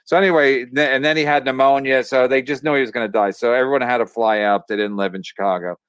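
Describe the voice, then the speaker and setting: A man's voice: medium pitch, steady tone, fairly bright tone, clean tone, no room sound. A man telling a story in a loose, rambling way, stopping and restarting his sentences often. The recording is dry and close, with almost no room sound. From Irish. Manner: rambling, halting, with many restarts and fillers. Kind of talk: casual storytelling on a podcast.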